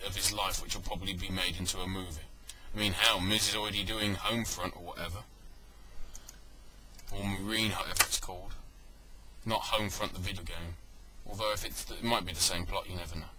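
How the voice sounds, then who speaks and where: A man's voice: lowish voice, noisy background. A man giving a casual spoken review, rambling and correcting himself, with joking asides. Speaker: wrestling event reviewer.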